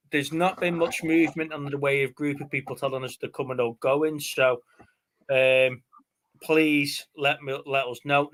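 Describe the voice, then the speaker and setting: Medium-pitched and a bit bright, this man co-hosts a movie live stream. He rambles chattily, telling stories and dropping fillers constantly.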